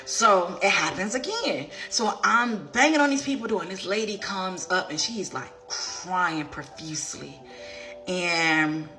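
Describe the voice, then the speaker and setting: Bright-voiced woman telling a faith testimony. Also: lowish voice, measured pace, soft background music. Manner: animated, conversational storytelling; emotional, near tears. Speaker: life coach.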